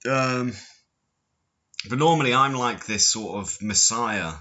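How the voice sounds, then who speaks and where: A man's voice: mid-range voice, takes it slowly, sharp tone, dull audio. A man hosting a casual chat, telling stories and dropping into silly impressions. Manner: chatty, storytelling with silly impressions.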